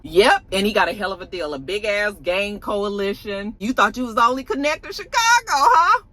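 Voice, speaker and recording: Lively, bright-voiced TV recapper. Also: medium pitch, a little fast. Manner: animated, profane storytelling that acts out characters' lines. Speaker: TV episode reviewer. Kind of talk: casual episode recap.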